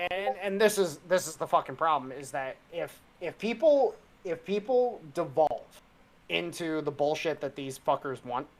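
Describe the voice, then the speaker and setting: A man's voice: on the high side, a bit bright. A man co-hosting a casual podcast, talking in a heated, rambling and profane way. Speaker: podcast co-host.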